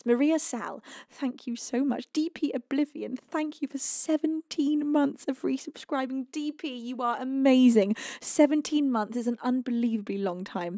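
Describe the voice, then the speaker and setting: Brief: woman, live-stream host, high bright voice, warm and gushing, close dry mic. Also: no echo. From United Kingdom. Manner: effusive, affectionate. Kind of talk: casual live-stream chat.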